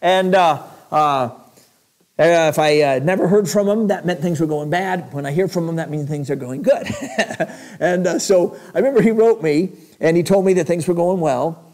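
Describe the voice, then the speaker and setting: A man's voice: fairly high pitch, normal speed, a little mellow. A male evangelist preaching a sermon in a church, telling stories in a conversational way with chuckles.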